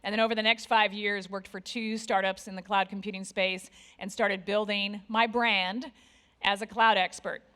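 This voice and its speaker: A woman in her forties giving a candid, self-deprecating conference talk on stage, with lively asides to the audience. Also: medium pitch, normal speed. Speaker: conference speaker.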